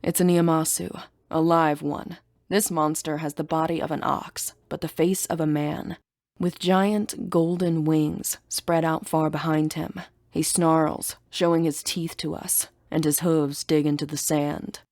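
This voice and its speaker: A woman narrating a first-person fantasy audiobook in a brisk, sarcastic, emphatic way. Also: sits low, level tone, a little mellow, no echo, clean studio sound.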